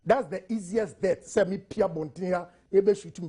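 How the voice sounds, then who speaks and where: A Ghanaian man argues his case on a television panel discussion. His voice is high and husky, and he mixes Twi and English as he presses each point with emphasis. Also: brisk, few pauses.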